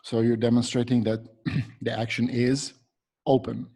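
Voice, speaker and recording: A man's voice: medium pitch, level tone, moderate pace, warm tone. A man training teachers, patiently explaining a classroom method step by step and demonstrating words aloud.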